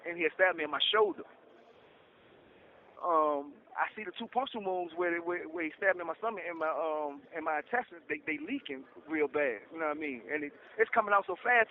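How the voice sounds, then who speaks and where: Man, high-pitched, casual rambling storyteller, recorded like a tinny phone line. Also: brisk. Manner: rambling, conversational, with many restarts. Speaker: guest telling a personal story. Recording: tinny phone-like sound with faint noise.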